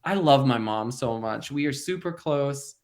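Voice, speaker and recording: A man, a parish priest, talking in a podcast conversation. He acts out quotes with big jumps in pitch, laughs often, and goes low and quiet on serious points. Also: expressive, unhurried.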